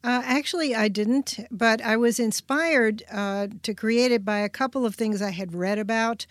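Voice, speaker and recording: A woman's voice: on the high side, moderate pace, dry recording, studio quality. An older woman guest talking about her writing on a podcast, reflective and rambling, often restarting her sentences. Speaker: guest author. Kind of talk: podcast interview.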